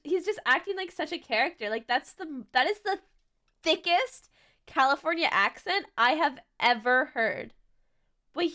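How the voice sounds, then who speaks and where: A woman's voice: high-pitched, pushed and bright. A young adult woman streaming, chatting casually as she reacts to a video, giggly and rambling with lots of "like" and restarts.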